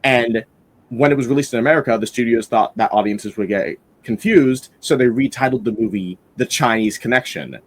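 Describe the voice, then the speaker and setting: A man's voice: medium pitch, brisk. A man hosting a casual film-review podcast, rambling enthusiastically with lots of fillers and restarts.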